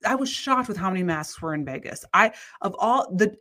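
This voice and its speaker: A woman's voice: medium pitch, a little fast. A woman in her thirties from the United States, chatting casually as a podcast co-host and retelling her own story with lots of restarts. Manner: animated storyteller, restarts often, rises to exclaim. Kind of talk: casual chat.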